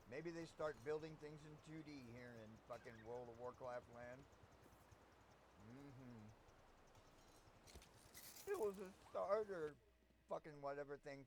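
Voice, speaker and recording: A young man streaming a video game live, swearing and ranting at its characters, then slipping into low mutters. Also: slight background noise, low-quality recording. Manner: drops into low muttering asides. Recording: voice over loud game music.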